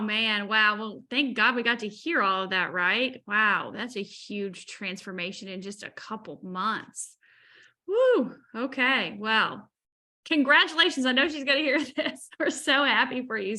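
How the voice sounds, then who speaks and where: A woman's voice: a little high, unhurried, pushed and bright. A woman hosting an online talk show, reacting to her guests with enthusiastic exclamations. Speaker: host.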